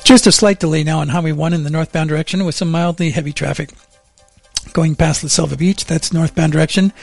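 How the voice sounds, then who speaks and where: Faint music plays behind a middle-aged morning radio host as he chats wryly with his co-host and then reads the traffic and weather steadily from a studio mic. His fairly high voice has vocal fry and moves a little fast, and the recording is dry.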